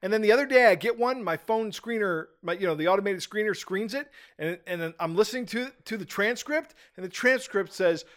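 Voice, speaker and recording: A man's voice: high voice, fairly quick, hardly any pauses, fairly bright tone. A man co-hosting a casual chat, telling stories and breaking into laughter mid-sentence. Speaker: podcast co-host.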